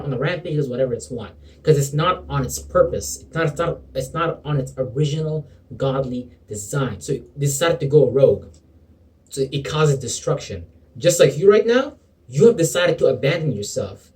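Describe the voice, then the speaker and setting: Animated preaching man, far from mic. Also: on the high side. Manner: preachy, addresses listener as bro and man; sarcastic. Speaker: motivational video preacher. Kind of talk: impassioned spiritual exhortation.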